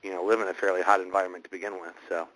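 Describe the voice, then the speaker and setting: Low-voiced, bright-toned male show host. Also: level tone, no room sound, rough recording. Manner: halting, rambling, with many restarts. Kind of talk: casual online radio chat.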